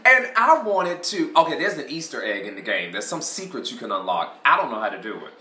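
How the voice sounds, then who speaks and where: Man, vlog storytelling, animated, very lively pitch, bright and forceful, echoey room. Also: brisk. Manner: animated, laughing, swearing storyteller. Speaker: vlogger. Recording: echoey room, faint background noise.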